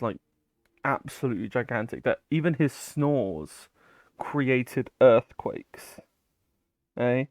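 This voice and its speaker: Slow, rambling male storyteller. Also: medium pitch, darkish tone, no room sound. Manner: rambling, filler-heavy, loose paraphrase; drops casual swearing. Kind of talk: casual retelling of a myth.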